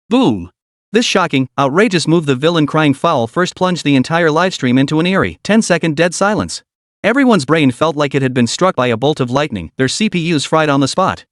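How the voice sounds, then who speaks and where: A male narrator tells a comic drama with expressive, dramatic storytelling. His pitch moves animatedly and sits a bit high. The voice is close and dry, with no room sound. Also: a little fast, no echo. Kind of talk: scripted narration.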